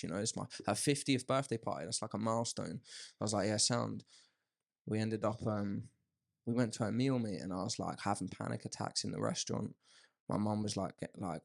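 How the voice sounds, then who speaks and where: A man's voice: fairly low pitch, steady tone, brisk, creaky. A young man chatting candidly on a podcast, rambling and calling his listener "mate". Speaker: podcast host. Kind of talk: casual podcast chat.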